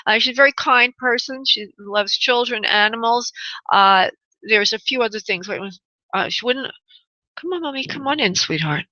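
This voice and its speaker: A woman hosting a call-in radio show as a medium, talking affectionately to callers and calling them honey, with frequent pauses and restarts. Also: a little high, pushed and bright, dry recording, muffled recording. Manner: hesitant, many pauses and restarts. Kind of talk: casual call-in radio chat.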